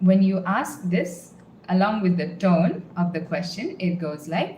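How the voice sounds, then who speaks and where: Woman teacher, patient and methodical, repeats words slowly, roomy sound, faint room hum. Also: mid-range voice, big pitch swings, mellow, dull audio. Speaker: language teacher. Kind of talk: language lesson, explaining and modeling phrases.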